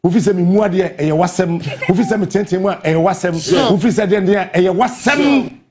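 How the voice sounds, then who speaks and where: A man's voice: sits high, normal speed, music in the background. A Ghanaian man hosting a morning show, delivering impassioned commentary with emphatic, preacher-like repetition.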